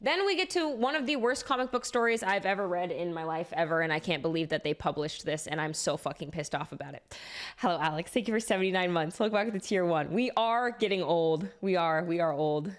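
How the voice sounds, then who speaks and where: A woman's voice: on the low side, brisk. Chatty young woman streamer who swears freely. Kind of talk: casual live-stream chat.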